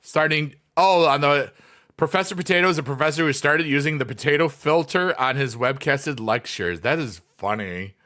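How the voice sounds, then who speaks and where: A man's voice: on the high side, normal speed, bright, forceful tone. A man in casual livestream chat, rambling with lots of fillers and reading chat messages aloud. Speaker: livestreamer, former teacher.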